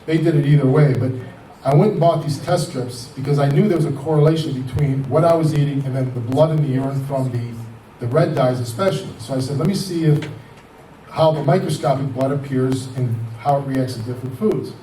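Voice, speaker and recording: A man in his fifties gives a personal testimony in a loose, conversational way, retelling back-and-forth conversations as he goes. His voice is mellow and sits back from the mic, with noticeable room echo. A faint hiss runs underneath. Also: medium pitch, a little fast, recorded from a distance. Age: 50s. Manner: rambling, conversational, retells dialogue with "I says" and "he goes". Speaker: patient telling his story.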